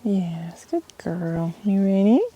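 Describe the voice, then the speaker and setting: A woman softly talking to a young horse as she gentles it, calm and reassuring, often dropping to a whisper. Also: fairly low pitch, takes it slowly, breathy edge, lo-fi sound. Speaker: horse trainer in a gentling challenge. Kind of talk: soft-spoken talk to a horse. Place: outdoors at a horse pen.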